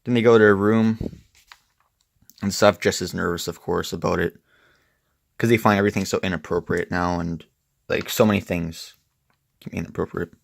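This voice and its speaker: A man's voice: deep voice, steady tone, moderate pace, gravelly, long pauses. A young man reviewing a comic book in casual, rambling, profane chat, full of "like" and "and stuff". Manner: rambling, profane, filler-heavy.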